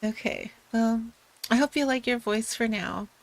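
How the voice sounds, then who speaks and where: Woman streamer, casual chat, unhurried and giggly, slightly high voice. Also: rough recording. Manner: giggly, chatty, easygoing.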